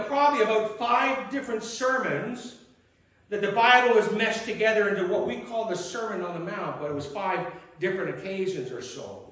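Bright-voiced preacher in an echoey church. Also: male voice, high-pitched. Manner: storytelling, dramatic retelling with emphatic pauses. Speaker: pastor. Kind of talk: sermon. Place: church sanctuary.

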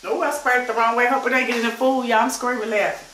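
Bubbly high-voiced woman in her fifties with a Chicago accent. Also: steady tone, fast talker, fairly bright tone, far from the mic, a little hiss or hum. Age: 50s. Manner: effusive, chatty, keeps saying y'all. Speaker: vlogger. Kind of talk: casual chat to camera. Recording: echoey room, voice from off-mic.

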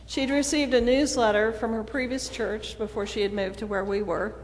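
A woman's voice: a little high, steady tone, moderate pace, a little hiss or hum. A woman preacher delivering a sermon in a storytelling manner, acting out the quoted dialogue. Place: church sanctuary. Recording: long church reverb.

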